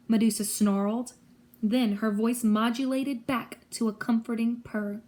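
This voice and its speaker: A woman reading a story aloud in a steady, lively first-person narration. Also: on the high side, a little slow. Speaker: audiobook reader.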